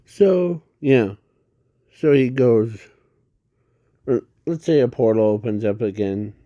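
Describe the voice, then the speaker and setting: Very slow, halting man rambling a story. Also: fairly low pitch, warm tone, no echo, highs cut off. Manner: halting, rambling, with constant restarts and self-corrections. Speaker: fan storyteller. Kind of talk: casual improvised fan story.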